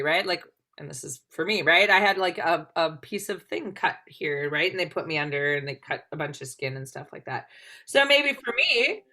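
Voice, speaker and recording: Bright-voiced woman teaching a tapping class. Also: mid-range voice, normal speed. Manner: conversational, frequent "right?" check-ins. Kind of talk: live class instruction.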